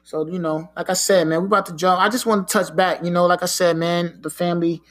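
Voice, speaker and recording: High-voiced man talking frank street talk. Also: little pitch movement, fast, fairly bright tone. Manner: frank, profane street talk with frequent "you know what I'm saying". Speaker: podcast host. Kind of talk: casual solo talk.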